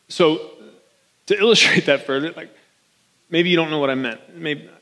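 A man preaching in a loose, joking way, forever checking in with his congregation. His voice sits a little high for a man. A long reverb from the big church hall trails after his words. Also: unhurried, bright, forceful tone. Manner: chatty and joking, often checks in with "right?". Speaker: pastor. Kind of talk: conversational sermon.

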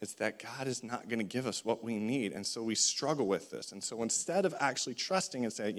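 A man preaching a sermon, animated and conversational, acting out the voices in his stories. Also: mid-range voice, fairly quick, hardly any pauses.

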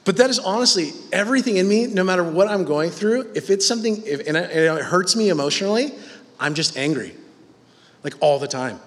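A man's voice: high voice, expressive, fairly quick, big-room sound. A man in his thirties preaching in a humorous, self-mocking, conversational way. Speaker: pastor. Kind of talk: sermon.

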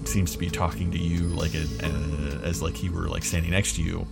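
A man's voice: low-pitched, level tone, a little fast, creaky, over loud music. A young man narrating as game master, loose and full of fillers.

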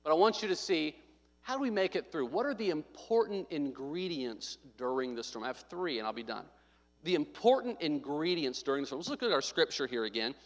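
Bright high-voiced male preacher, echoing church. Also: expressive, a little fast. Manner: storytelling, joking asides, quotes people in voices. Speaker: pastor. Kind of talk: sermon. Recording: long hall reverb.

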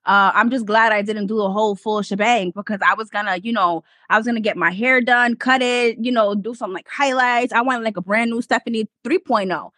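A woman's voice: fairly high pitch, a little fast, few pauses, bright, forceful tone, no echo, studio quality. A young woman from Spanish Harlem, New York, co-hosting a podcast in laid-back, profane, giggly chatter. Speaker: podcast co-host. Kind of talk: casual podcast chat.

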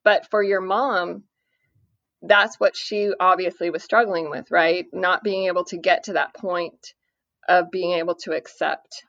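A woman with a lowish voice speaks in an earnest, measured way and often pauses on fillers. The recording is dry and dull. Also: fairly even intonation, fairly bright tone, no echo. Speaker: guest, parent of a son with addiction. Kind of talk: conversational podcast interview. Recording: dry, muffled lo-fi audio.

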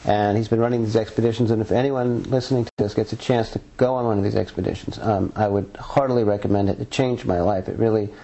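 A man's voice: on the low side, steady tone, fast talker, gravelly, hardly any pauses, mellow, poor audio. A man being interviewed as an author and researcher, talking earnestly and rambling with frequent restarts. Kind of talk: conversational interview.

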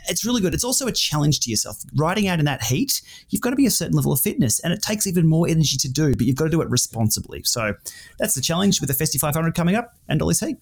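A man's voice: on the high side, big pitch swings, rapid-fire, creaky, husky. An Australian man co-hosting a podcast, telling chatty anecdotes. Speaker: podcast co-host. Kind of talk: casual podcast chat.

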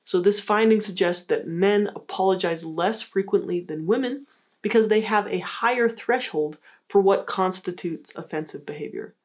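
A woman's voice: medium pitch, moderate pace, a little mellow. A woman giving an explanatory talk on communication skills, coaching the listener and acting out example phrases.

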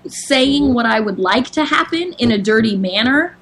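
A woman's voice: on the high side, animated, normal speed, a bit bright. A woman guest chatting playfully over a video call, often breaking into giggles. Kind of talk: casual chat.

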